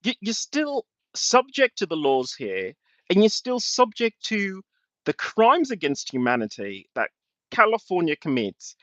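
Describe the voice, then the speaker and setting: A man's voice: fairly high pitch, very animated, measured pace, fairly bright tone, no echo. A man on a livestream, answering chat in an emotional, rambling rant and swearing often. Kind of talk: rambling live-stream talk. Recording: dull lo-fi dry sound.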